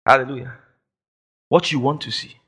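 A man preaching a sermon as pastor, emphatic, repeating phrases and shouting declarations. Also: medium pitch, normal speed, slightly rough. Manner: quotes imagined listeners in mock voices.

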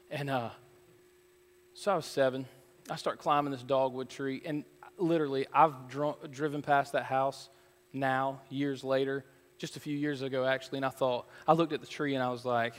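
A man preaching a sermon from the pulpit, earnest and building to loud, emphatic passages. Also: medium pitch, fairly even intonation, normal speed. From Georgia, USA. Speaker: pastor. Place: church sanctuary. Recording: church hall reverb.

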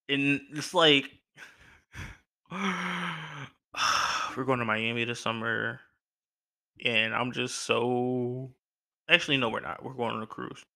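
A young man hosting a podcast, telling a story in a casual, slangy, animated way, laughing between lines. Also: mid-range voice. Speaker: podcast host.

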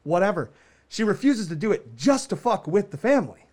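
Podcast co-host, male, higher-pitched, loose and profane, laughs through his stories. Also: a little fast. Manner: profane, laughing, animated storyteller. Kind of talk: casual storytelling chat.

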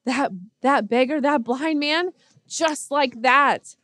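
A woman preacher delivers a sermon slowly and earnestly, often restarting her phrases. Her voice sits fairly high. The recording is dry and close. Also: a bit bright, dry recording. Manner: earnest storytelling with many restarts.

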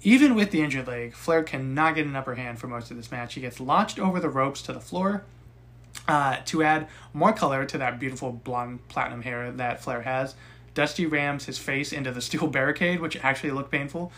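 A young man co-hosting a casual podcast, recapping a wrestling match with profane, animated rants. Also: medium pitch, brisk. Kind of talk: casual chat.

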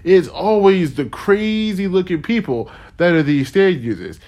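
A young man hosts a solo podcast, ranting casually, drifting onto tangents, losing his thread, and chuckling between points. His voice is high-pitched, animated, and unhurried with a darkish tone. The recording sounds muffled.

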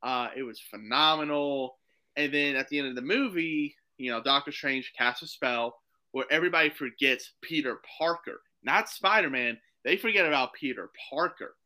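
A man chatting as a podcast guest, rambling excitedly with lots of fillers. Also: mid-range voice, normal speed, rough recording. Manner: excited, rambling, full of "like" and "you know". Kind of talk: casual chat.

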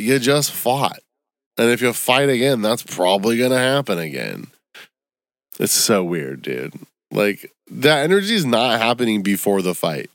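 A young man hosting a solo podcast, ranting in a casual, profane way and climbing high and loud when he gets worked up. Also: no echo, studio quality. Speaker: comedian podcast host.

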